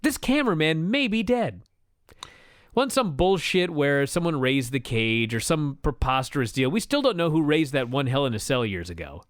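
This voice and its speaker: A man co-hosting a wrestling review show, retelling a match with excited, profane storytelling. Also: a little high, moderate pace, no echo, clean studio sound. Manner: animated storyteller, swears freely, laughs while telling. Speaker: wrestling podcast co-host. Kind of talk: excited casual review chat.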